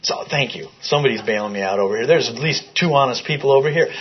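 Speaking fast at a medium pitch with barely a pause, a man runs a Bible study, reading scripture aloud and questioning the small group gathered in the room. The interactive teaching is captured in a dull, lo-fi recording with slight background noise.

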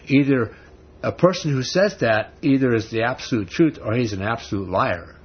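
A man with a mid-range, slightly breathy voice preaches at a moderate pace, keeping the sermon conversational until it builds into emphatic rhetorical questions. The recording is dull and lo-fi, with faint background noise.

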